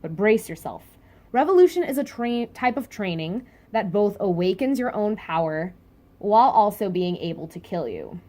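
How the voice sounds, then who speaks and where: A woman reading aloud the lines of a calm, powerful male mentor figure in a measured way. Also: mid-range voice, natural voice.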